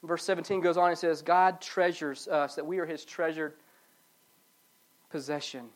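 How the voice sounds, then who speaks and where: A pastor giving a sermon, swinging between loud pleading and soft low passages and repeating phrases for emphasis. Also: level tone, moderate pace.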